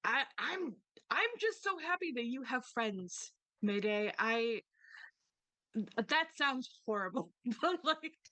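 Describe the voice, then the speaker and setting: A woman's voice: a little high, expressive, dry recording, full character voice. Awkward sweet dad from a tabletop game, woman doing him, stumbles over words, dry mic. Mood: fond. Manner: halting, stammering, gently reassuring. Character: kind, awkward middle-aged father, restaurant owner.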